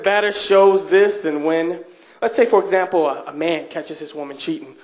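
A young man in his late twenties with a Michigan accent and a fairly high voice, working through a comedy club set. He talks in a chatty, self-deprecating way, with nervous restarts. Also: steady tone, moderate pace. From Detroit, USA. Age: late 20s. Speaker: stand-up comedian.

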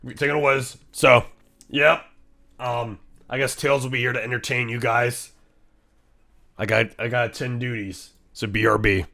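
A man streaming a game, giving casual, excitable commentary, laughing often and teasing other players. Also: mid-range voice, normal speed, vocal fry.

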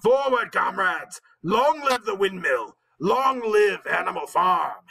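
A man's voice: a little high, a little slow, vocal fry, sharp tone, husky, exaggerated voice, poor audio. A man voicing a domineering male pig leader who gives commanding, roaring speeches.

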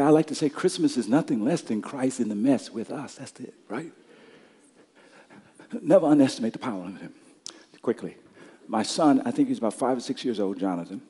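A male pastor preaching a sermon, telling stories and building up to shouted climaxes. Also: mid-range voice, breathy edge, in a large hall.

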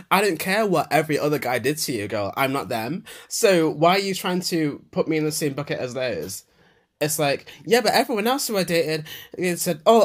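Speaking at a medium pitch, a young man hosts a podcast via an unscripted voicenote monologue. He delivers a meandering, profane rant, swearing freely and leaning heavily on fillers.

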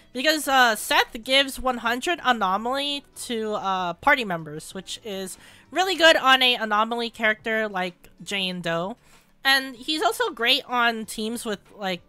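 An excitable woman narrates her gacha pulls in a high, bright voice with an unhurried pace. Her delivery is dry and close, with faint music playing underneath. When luck strikes, she bursts into shrieking, repeated exclamations. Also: clean tone, no echo. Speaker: gaming channel host. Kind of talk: casual gacha pull commentary.

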